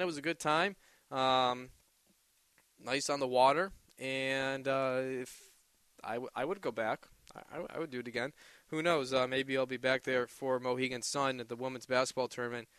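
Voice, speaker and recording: A man's voice: mid-range voice, fairly bright tone, clear, resonant tone, dry recording, studio quality. A young man hosting a casual solo sports podcast, rambling with many restarts as he recounts his day. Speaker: podcast host.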